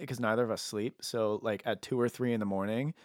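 Brief: young man, relaxed podcast guest, stop-start delivery, dry close mic. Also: lowish voice, dry recording. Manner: halting, laid-back, trails off. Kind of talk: casual podcast chat.

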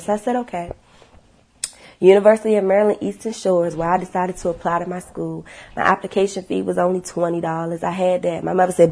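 A woman sharing her life story with viewers in a casual, animated testimony, blunt and swearing freely. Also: lowish voice, fairly quick.

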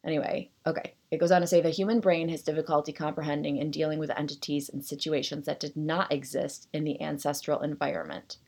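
A woman hosts her own podcast alone, reading from an article and wandering off into self-deprecating tangents. Her voice sits low, with a gravelly fry running through it. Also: little pitch movement, quick pace, hardly any pauses, darkish tone. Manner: self-deprecating, rambling asides between read passages. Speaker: podcast host. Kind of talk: solo podcast chat, reading an article aloud.

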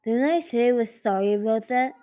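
A woman voicing a sleepy, slow-witted young male dragon in a storybook reading, mild and mumbling. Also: on the high side, mellow, natural voice.

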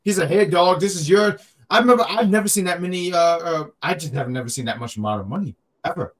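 A man's voice: fairly high pitch, quick pace, fairly bright tone. A man co-hosting a podcast, chatting casually and animatedly, joking and often repeating himself. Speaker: podcast co-host. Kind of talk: casual wrestling chat.

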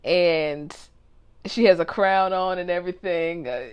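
A woman's voice: lowish voice, a little slow, a little mellow, smooth. Chatty laughing woman recapping TV. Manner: laughs often, chatty storytelling. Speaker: podcast co-host. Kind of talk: casual chat recapping a TV show.

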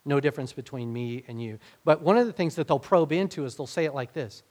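A man's voice: on the high side, expressive, fast, darkish tone. Conversational man preaching a sermon. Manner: conversational, acts out quoted speech with rising emphasis. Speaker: pastor.

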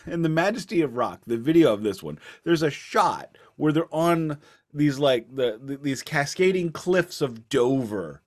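A man's voice: on the high side, expressive, a little slow, darkish tone. A man co-hosting a casual music podcast, chatty and correcting himself as he goes. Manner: chatty, self-correcting, laughs easily. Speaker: podcast co-host. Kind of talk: casual chat about music.

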